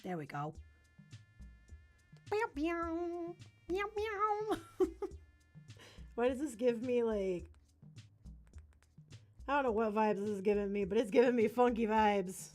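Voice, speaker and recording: A woman's voice: medium pitch, normal speed, long pauses, dark tone, faint music behind. A young woman chatting casually and playfully on a livestream, slangy and giggly while she works. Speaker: streamer drawing commissions.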